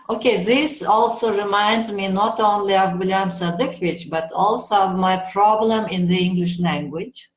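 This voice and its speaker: A woman student in an online English lesson, talking slowly and hesitantly as she searches for words. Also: mid-range voice, fairly even intonation, echoey room, low-quality recording.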